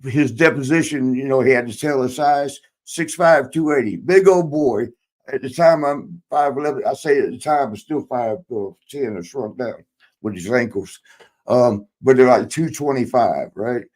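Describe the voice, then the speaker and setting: A man's voice: medium pitch, normal speed, darkish tone. Rambling, profane older man telling stories. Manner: rambling, profane, laughs often, acts out quotes. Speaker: podcast host, former wrestler. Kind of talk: casual storytelling chat.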